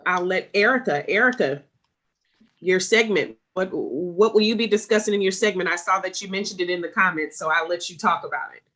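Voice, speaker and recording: Bright-toned panel moderator, rambling. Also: medium pitch, brisk. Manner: rambling, many fillers and restarts. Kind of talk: closing remarks of a live online panel.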